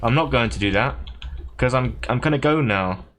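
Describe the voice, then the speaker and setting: A man livestreaming, casually recapping a video game plot in a hurried, rambling way. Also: medium pitch, animated, a bit bright, slight background noise.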